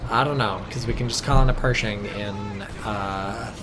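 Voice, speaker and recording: A man's voice: fairly low pitch, moderate pace. Chatty, sardonic male game caster. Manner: chatty, sardonic, frequent swearing and sudden excited outbursts. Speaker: game commentator. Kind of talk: casual casting of a strategy game. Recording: noticeable background noise.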